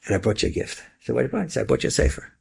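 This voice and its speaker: A man's voice: on the low side, wildly swooping pitch, rapid-fire, gravelly, slightly rough. A middle-aged man with an American Yeshivish accent, a rabbi telling an inspirational story and acting out the dialogue with a rising voice. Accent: American Yeshivish English with Hebrew and Yiddish words. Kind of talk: inspirational story told to an audience.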